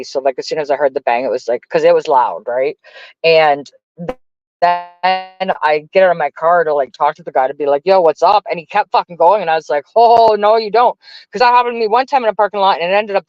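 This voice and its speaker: A woman's voice: deep voice, dry recording. Woman streamer, profane rambling rant, muffled dry mic. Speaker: livestreamer. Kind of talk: casual live-stream rant. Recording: dull dry lo-fi stream audio.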